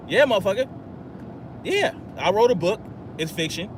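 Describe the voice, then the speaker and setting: A man's voice: high-pitched, very animated, moderate pace, a little hiss or hum. A man hosting a podcast in an agitated, profane, rambling monologue. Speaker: podcast host. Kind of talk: ranting monologue.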